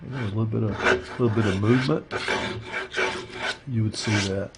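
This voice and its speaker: Male art instructor, gravelly and low-pitched, easygoing think-aloud demo delivery. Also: brisk, very noisy. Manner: relaxed, rambling, thinks aloud with fillers. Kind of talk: casual painting demonstration.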